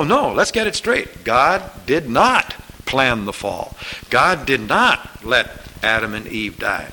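A man preaches with emphatic repetition, rising to loud scripture quotes and sinking to quiet asides. His voice sits a bit high, swings widely in pitch and has a bright, sharp edge. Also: sing-song, unhurried, a little hiss or hum, rough recording. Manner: emphatic, repeating lines, rising to shouted scripture. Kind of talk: sermon.

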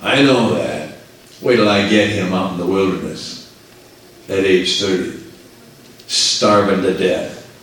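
A man's voice: deep voice, slow, pauses often, fairly bright tone, voice pushed down. A man voicing a sly, gloating male devil who taunts and wheedles in a sermon. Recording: echoey room.

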